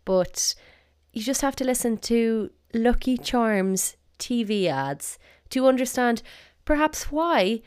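A woman's voice: a little high, lively intonation, slow pace, a little mellow, clear, resonant tone. A young woman with a South Dublin Irish accent hosting a casual solo podcast, chatty and wry, acting out phrases as she goes. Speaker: podcast host.

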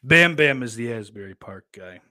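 A young man talking into a close desk mic during a live stream, blunt and profane. He rambles, restarts his sentences and laughs at his own jokes, at an ordinary middle pitch. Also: expressive, moderate pace, bright, forceful tone, no echo. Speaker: streamer reading chat. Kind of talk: casual profane live-stream chat about wrestling.

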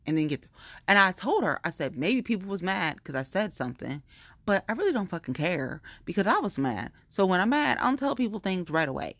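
Woman cussing and venting on her show, low voice, dry close sound. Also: big pitch swings, a little fast, a bit bright, no room sound. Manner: profane, heated, repetitive venting. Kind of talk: casual ranting monologue.

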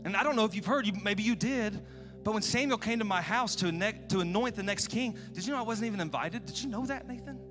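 A man voicing a defensive, self-pitying biblical king who quietly pleads his excuses. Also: high voice, fast, over music, lightly acted.

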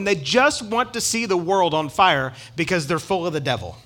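A man's voice: high-pitched, lively intonation, brisk, hardly any pauses, a bit bright. A middle-aged man preaching a sermon in an emphatic, conversational way, with asides to the congregation. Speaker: pastor.

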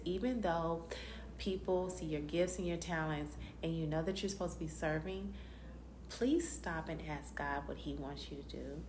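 A woman with children, telling faith stories in casual chat, acting out quotes with lively swings. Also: low-pitched. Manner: animated storyteller, acts out quotes. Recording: roomy echo, faint background noise.

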